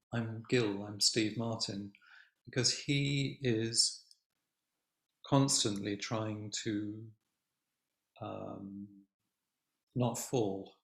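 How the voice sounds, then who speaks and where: An older man giving a Zen dharma talk as a teacher, speaking gently and reflectively with long pauses. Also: on the low side, gravelly. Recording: echoey room.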